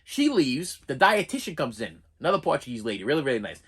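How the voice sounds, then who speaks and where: Husky, animated young man telling a story. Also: medium pitch, quick pace. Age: young adult. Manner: animated, exasperated, repeats and restarts words. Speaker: channel host telling a personal story. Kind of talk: casual storytelling vlog.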